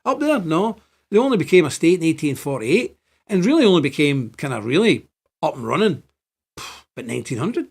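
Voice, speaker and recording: A man hosting a casual online show, rambling and animated, often swinging up loud. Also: a little high, a little fast, vocal fry, husky. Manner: animated, rambling, chants and jokes. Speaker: host.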